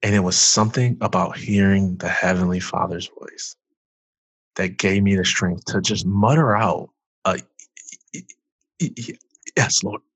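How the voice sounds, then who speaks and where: A man, a former athlete and author, earnestly telling his personal story as a guest, loose and full of "like", turning loud when he acts out past outbursts. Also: low-pitched, fairly even intonation, moderate pace, slightly rough, no room sound. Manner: earnest, loose, heavy use of "like".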